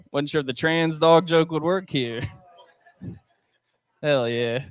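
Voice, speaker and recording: A young man doing a stand-up set with crowd work on a restaurant stage, talking haltingly with many ums and likes into a handheld mic. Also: fairly high pitch, dry recording. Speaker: stand-up comedian.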